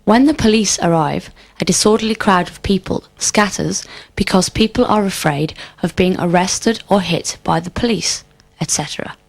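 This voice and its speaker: A woman's voice: medium pitch, moderate pace, creaky. A woman answering in a scripted language drill, repeating each question as a careful full sentence. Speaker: student in drill.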